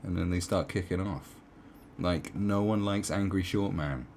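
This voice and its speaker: Deep-voiced sarcastic man. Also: unhurried, darkish tone, a little hiss or hum. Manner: sarcastic, swearing, mocking asides. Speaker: online commentator. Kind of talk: casual commentary reading an article aloud.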